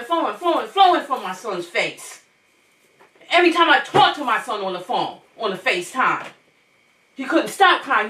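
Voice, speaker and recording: A woman's voice: on the high side, bright, forceful tone. Grieving mother hosting her channel, impassioned repetitive warning to the men watching, echoey distant recording. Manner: preachy, repetitive, urgent, emphatic. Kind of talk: impassioned monologue to viewers. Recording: echoey room, distant mic.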